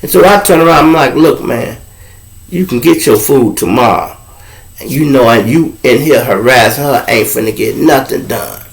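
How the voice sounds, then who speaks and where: A man's voice: medium pitch, moderate pace, vocal fry. A man hosting a live show, telling a story casually to viewers and acting out every voice in the exchange. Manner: animated, acts out voices in dialogue, heavy profanity. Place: at home with a lamp nearby.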